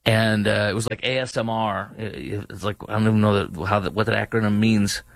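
A man hosting a talk show, delivering heated political commentary in an indignant, mocking tone that now and then rises to a shout. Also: on the low side, steady tone, brisk, gravelly, no echo.

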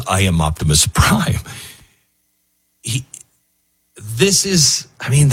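A man's voice: mid-range voice, fairly bright tone, breathy edge. A man hosting a talk show, speaking in an earnest, heartfelt, wandering way. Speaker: radio show host. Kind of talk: emotional talk radio monologue.

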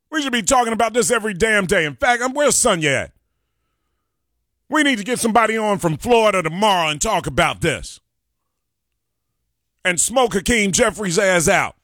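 A man's voice: high voice, pushed and bright, no echo, studio quality. A man hosting a Chicago talk radio show, ranting with fiery passion and hammering his points through repetition, with a Chicago accent. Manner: fiery, preachy, repeats phrases for emphasis. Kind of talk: impassioned political talk radio rant. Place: radio studio. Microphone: studio microphone.

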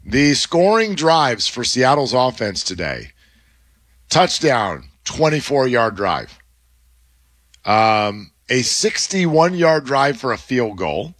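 A man hosting a sports radio show in a studio, talking through the week's games with a co-host in an animated, analytical way. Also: medium pitch, no room sound. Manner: animated, analytical, quick back-and-forth. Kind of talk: sports talk radio chat.

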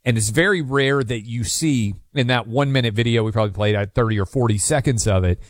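A man's voice: medium pitch, brisk, no echo, studio quality. A man hosting a talk radio show, speaking in a conversational, opinionated way with frequent fillers.

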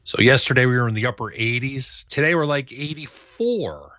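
A man's voice: medium pitch, moderate pace, bright, forceful tone, no echo, studio quality. A man giving a casual, conversational weather forecast with plenty of fillers. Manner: loose, conversational, many fillers. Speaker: meteorologist.

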